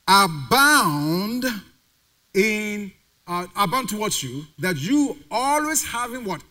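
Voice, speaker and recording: A man's voice: high voice, very animated, slow, pauses often, sharp tone. A male pastor preaching a sermon to a congregation, putting questions to the crowd and having them call the answers back. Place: church sanctuary.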